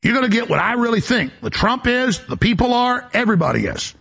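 A man hosting a talk show, delivering a rambling, emphatic monologue in a gravelly, raspy voice. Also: extremely high pitch, sing-song, brisk, fairly bright tone. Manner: emphatic, boastful, jumps between topics.

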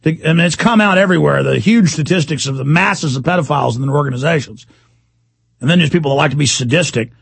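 Gravelly ranting male radio host. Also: no echo. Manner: ranting, repetitive, with sudden emphatic pitch jumps. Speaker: radio talk show host. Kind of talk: call-in talk radio monologue.

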